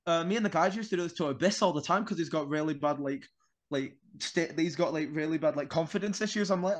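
A man's voice: on the high side, expressive, fairly quick. A young man, a wrestler guest on a podcast, telling a story in casual chat, swearing freely and acting out the dialogue.

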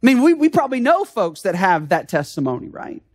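A man's voice: sits high, sing-song, fairly quick, darkish tone. Man, pastor, from the US, sermon, earnest, conversational, rhetorical questions. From United States.

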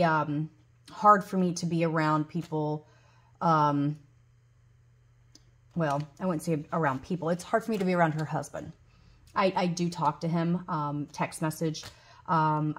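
A woman in her forties chatting casually to her vlog audience, rambling with lots of ums and restarts, and gushing over gifts. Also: low-pitched. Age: 40s. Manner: gushes loudly over gifts. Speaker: budgeting vlogger.

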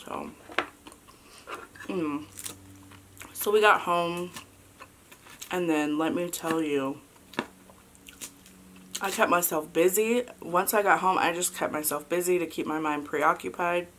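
A woman in her thirties chatting casually as a vlogger and mother, halting and soft with many fillers, fighting back tears. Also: lowish voice, a little hiss or hum. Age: 30s. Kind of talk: casual confessional chat.

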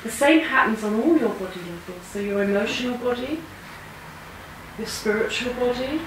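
A woman's voice: fairly high pitch, animated, moderate pace. A woman patiently explaining her ideas step by step in casual talk. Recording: very echoey room, speaker far from mic, noisy.

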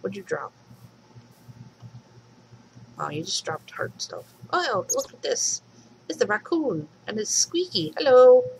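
A woman's voice: mid-range voice, big pitch swings, slow, vocal fry, pauses often, slight background noise, poor audio. A woman casually commenting on her own game as she plays, chatting to the animals she meets and squealing when startled. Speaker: let's play host and mod maker.

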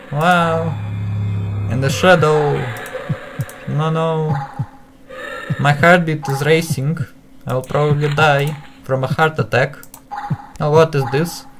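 A man's voice: a little high, noisy background. Jumpy man narrating a horror game. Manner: jumpy, swearing, thinking aloud. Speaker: gamer playing a horror game. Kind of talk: let's play commentary. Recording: music playing behind.

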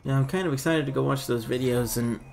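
A young man giving casual, rambling let's-play commentary, thinking out loud and poking fun at himself. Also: medium pitch, quick pace, gravelly, a little hiss or hum.

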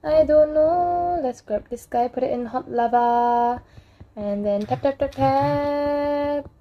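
A woman's voice: fairly high pitch, fairly even intonation, a little slow, muffled recording. A woman casually commenting while playing a mobile game, playfully bossing around and threatening the game characters. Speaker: gameplay channel host.

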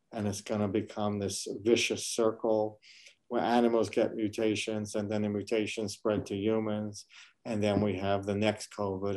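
A man's voice: fairly low pitch, a little mellow. A middle-aged man from New York City, a medical school dean, answering questions in an earnest, reflective way with frequent restarts. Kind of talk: webinar interview answers.

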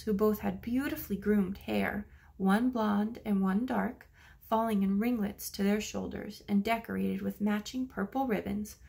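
A woman reading a children's storybook aloud as narrator, slipping into soft whispers for hushed lines. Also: medium pitch, vocal fry. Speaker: audiobook narrator.

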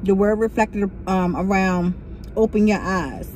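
A woman's voice: mid-range voice, measured pace, darkish tone, a little hiss or hum, low-quality recording. Chatty woman vlogging from her car. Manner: chatty, addresses viewers directly. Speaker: vlogger host. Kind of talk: casual mukbang vlog chat. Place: inside a parked car.

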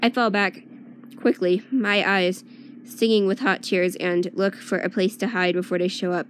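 Expressive woman reading a story aloud. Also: medium pitch, moderate pace, background noise. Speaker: fan fiction reader. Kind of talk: first-person story reading.

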